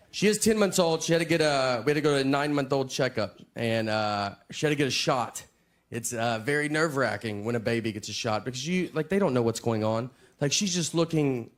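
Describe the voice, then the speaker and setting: Deadpan man telling stand-up stories. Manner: deadpan storytelling with low muttered asides. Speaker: stand-up comedian. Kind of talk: stand-up comedy set. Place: theater stage with a laughing audience. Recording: live stage audio with audience noise.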